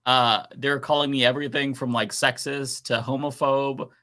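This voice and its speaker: Male panelist, bright and punchy, profane, animated rant delivery. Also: medium pitch, normal speed. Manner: animated, profane, laughs while ranting. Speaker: podcast co-host. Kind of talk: casual political chat.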